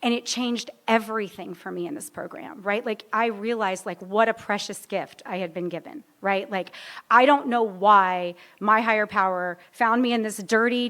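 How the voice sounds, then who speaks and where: A woman's voice: medium pitch, fairly bright tone. A woman in her fifties telling her own story to a live audience at a recovery meeting, humorous and self-deprecating, often wandering off track. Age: 50s. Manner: rambling, humorous, self-deprecating, easily sidetracked.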